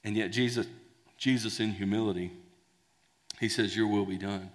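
A man preaching a sermon in a conversational, animated storytelling way. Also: on the low side, moderate pace. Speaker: pastor. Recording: long hall reverb.

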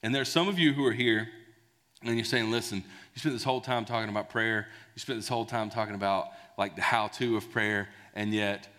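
A man preaching a sermon in a conversational, animated storytelling way. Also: on the low side, a little fast. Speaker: pastor. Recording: long hall reverb.

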